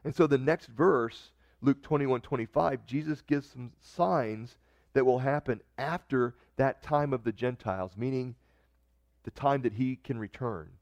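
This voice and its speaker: A man's voice: mid-range voice, unhurried, gravelly, a little mellow, no room sound, muffled recording. A man preaching a sermon in a conversational way, reading scripture and often restarting his sentences. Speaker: pastor.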